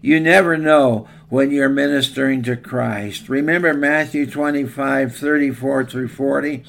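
Preacher guy, gravelly voice, takes his time telling the story. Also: mid-range voice, fairly even intonation, measured pace, a bit bright. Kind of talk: sermon with a read story.

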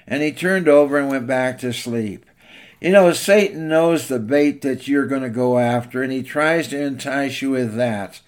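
A man's voice: medium pitch, normal speed. A man preaching a sermon in an emphatic, exhorting way.

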